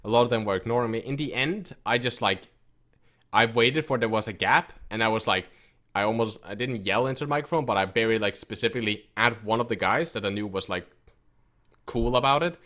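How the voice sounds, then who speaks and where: Venting to camera, an esports team coach tells a frustrated, emphatic story casually, quoting others along the way. He speaks a little fast in a lowish, fairly bright voice.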